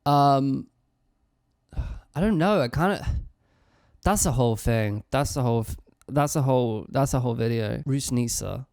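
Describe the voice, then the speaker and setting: A man's voice: medium pitch, animated, creaky, darkish tone, smooth, no room sound, studio quality. A man, a tattoo artist answering questions in a casual, rambling, swear-heavy vlog. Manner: rambling and profane, with quick self-corrections.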